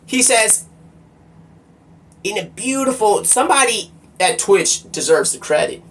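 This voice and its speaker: A man streaming live, rambling excitably and swearing a lot, sometimes shouting. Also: high-pitched, measured pace. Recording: distant mic with faint background noise.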